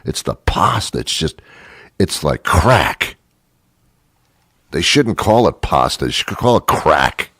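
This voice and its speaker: Man, talk show host, very low voice, lively swooping delivery, dry close sound, sardonic. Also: slow, long pauses, breathy edge, dry recording. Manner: sardonic, acts out both sides of imagined dialogues. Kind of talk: comedic monologue and interview.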